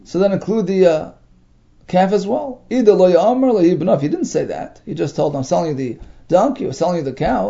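Gravelly, animated man teaching a text. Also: sits high. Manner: reads Aramaic phrases then explains them in English; halting, with many fillers. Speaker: Talmud teacher. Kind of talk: text study lesson. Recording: dull lo-fi recording.

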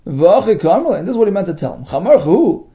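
A man teaching a Talmud text, reading out Aramaic phrases and explaining each in English, halting with many fillers. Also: high-pitched, big pitch swings, mellow. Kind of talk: text study lesson. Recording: dull lo-fi recording.

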